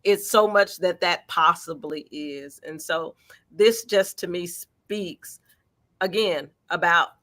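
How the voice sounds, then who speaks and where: A woman with a lowish voice speaks slowly as she answers interview questions as a featured artist. Her replies are lively and encouraging, built around ordinary, everyday examples.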